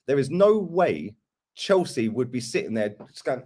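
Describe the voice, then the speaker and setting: A man's voice: medium pitch, lively intonation, moderate pace, darkish tone. A young man ranting about football transfers in casual chat, mocking other fans. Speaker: football fan pundit.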